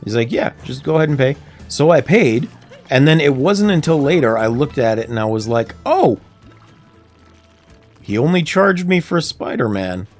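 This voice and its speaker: A Canadian man chatting casually while livestreaming a game, telling stories and laughing often. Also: mid-range voice. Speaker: streamer. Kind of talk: casual gameplay livestream chat.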